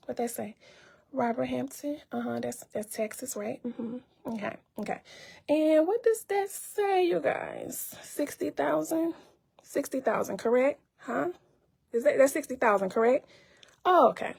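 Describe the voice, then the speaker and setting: A woman's voice: high voice, vocal fry, darkish tone, breathy edge. A woman talking casually to her viewers on a live stream, showing documents and teasing.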